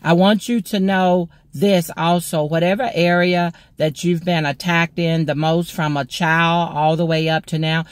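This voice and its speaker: A woman from Mississippi, a motivational speaker and ordained minister, telling a personal testimony in a slow, deliberate way. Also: lowish voice, steady tone, no room sound.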